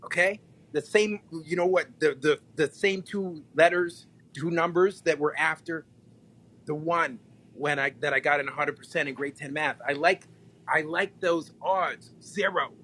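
Podcast guest, male, animated and chatty, leans on repetition and laughter. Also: on the high side, unhurried, rough recording. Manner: animated, repeats himself, laughs often. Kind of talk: casual storytelling chat.

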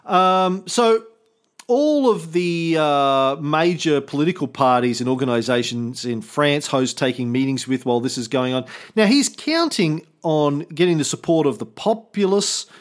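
A man's voice: a little high, expressive, measured pace. A man co-hosting a history podcast, talking casually with sarcastic jokes and many fillers. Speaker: podcast co-host.

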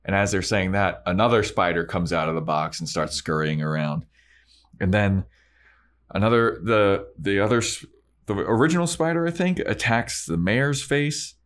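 A man's voice: sits low, fairly bright tone. A man co-hosting a podcast, casually retelling an episode's scenes and acting out the characters' lines. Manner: storytelling, acting out lines in quick snippets. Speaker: podcast co-host. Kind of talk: casual chat recapping an episode.

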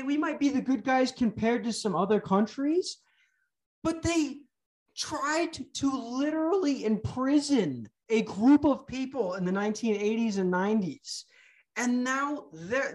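Young male podcast host, profane sarcastic rant style. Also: extremely high pitch. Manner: swearing, ranting, sarcastic.

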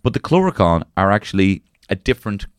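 A man's voice: fairly low pitch, sing-song, quick pace, clear, resonant tone, no room sound, studio quality. An Irish man co-hosting a podcast, chatting casually, swearing and joking while reading passages aloud. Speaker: podcast co-host. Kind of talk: casual chat.

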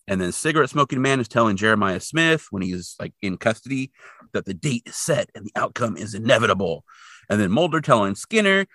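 A man's voice: on the low side, sing-song, a little fast, fairly bright tone, no room sound, clean studio sound. A man co-hosting a podcast, recapping an episode in casual chat and adding playful sound effects and asides. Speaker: podcast co-host.

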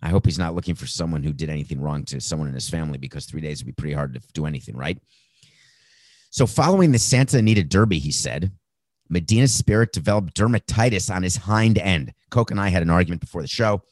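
A man's voice: sits low, lively intonation, fast, darkish tone, dry recording. A man hosting a sports talk show, giving sarcastic, incredulous commentary with laughing asides. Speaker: host.

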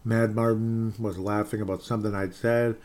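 Man, podcast host, solo sports talk, sarcastic ranting, repeats himself, slightly low voice. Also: little pitch movement, normal speed, darkish tone. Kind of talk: solo sports podcast, reading listener messages.

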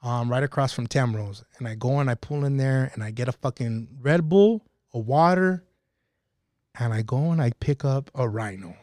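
A man's voice: mid-range voice, normal speed, darkish tone, no room sound, clean studio sound. A man telling a profane, laughing story in casual podcast talk. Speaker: podcast guest.

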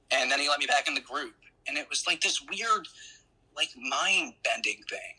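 In a low-quality recording, a male interview guest with a very bright, edgy, husky-grained voice rambles through his story, doubling back with restarts and fillers. His pitch sits a little high, his intonation is lively, and he talks at normal speed.

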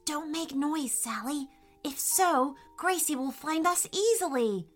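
A woman's voice: high-pitched, animated, takes it slowly, faint music behind, voice pushed up. A woman voicing a curious, cheeky young boy in a children's storybook, talking eagerly. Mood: sneaky. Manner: eager, giggly.

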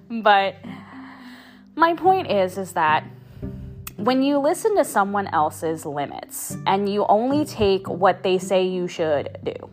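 A woman's voice: medium pitch, lively intonation, moderate pace, soft background music. A woman hosting her own podcast, talking in a casual motivational monologue, chatty, laughing often and swearing for emphasis. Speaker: podcast host.

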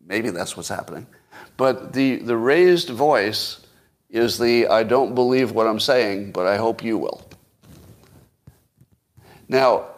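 A man hosting a solo podcast, giving casual, opinionated political commentary with frequent restarts. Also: lowish voice. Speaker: podcast host.

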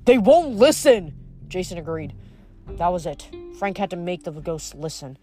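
A reader narrating a novel aloud at a steady, even pace, with small slips corrected on the fly. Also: medium pitch, moderate pace, soft background music. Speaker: audiobook reader.

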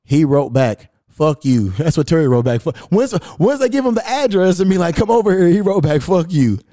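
A man's voice on the high side, sing-song at normal speed yet dark in tone, leads a podcast where he tells a story in casual chat, cursing freely and amusedly reading texts aloud. The recording is dry with clean studio sound.

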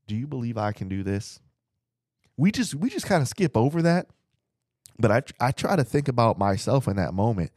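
Earnest low-voiced male preacher. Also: a little mellow, no echo, studio quality. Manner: earnest, repeats phrases for emphasis. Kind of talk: bible teaching to listeners at home.

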